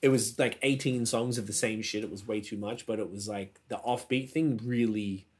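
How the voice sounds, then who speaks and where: A man co-hosting a podcast, chatting casually with loose, profane and animated storytelling. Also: fairly low pitch, moderate pace. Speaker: podcast co-host. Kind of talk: casual chat.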